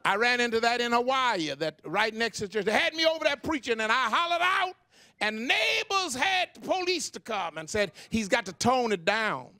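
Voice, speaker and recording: An older man from Texas, preaching an impassioned sermon with shouted peaks and stammered repetitions. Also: extremely high pitch, very animated, normal speed, no room sound, clean studio sound. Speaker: pastor.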